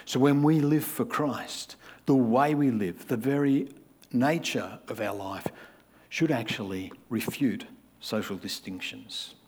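A man's voice: mid-range voice, slow, darkish tone, husky. A man, preaching a sermon in a conversational way and acting out the people he describes. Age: 50s. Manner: conversational, acts out quoted voices.

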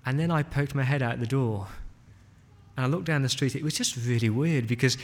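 Man preaching a story in a reverberant hall. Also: mid-range voice. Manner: retells a scripture story as a child eyewitness, with dramatic pauses. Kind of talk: first-person storytelling sermon. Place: church hall.

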